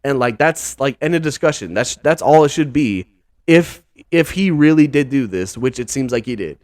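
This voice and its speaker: A man hosting a podcast talks in a loose, rambling way, stacking filler words and slang. He sounds incredulous and exasperated, and his voice sits mid-range in pitch. The recording is close and dry, with no room sound. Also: expressive, moderate pace, a little mellow, dry recording. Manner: rambling, heavy use of "like", "dude" and "bro". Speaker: podcast host. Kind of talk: casual podcast commentary.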